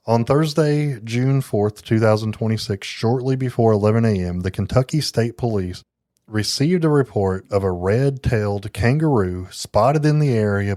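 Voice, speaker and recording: A man's voice: fairly low pitch, dark tone, no echo, studio quality. A man co-hosting a podcast, chatting casually with playful, joking banter. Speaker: podcast co-host. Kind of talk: casual chat.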